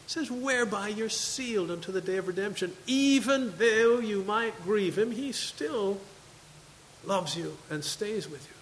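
A man's voice: high voice, lively intonation, unhurried, fairly bright tone, big-room sound, a little hiss or hum, poor audio. A man preaching a sermon to his congregation, reading scripture and asking questions. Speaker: pastor. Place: church sanctuary.

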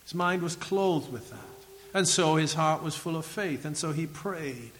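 A man delivers a sermon with a bright, slightly high voice, reading scripture and breaking into small chuckles. He keeps it animated and conversational with his listeners. The sound carries a long reverb, as in a large hall. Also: unhurried. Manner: animated, laughing asides, reads scripture aloud. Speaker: preacher.

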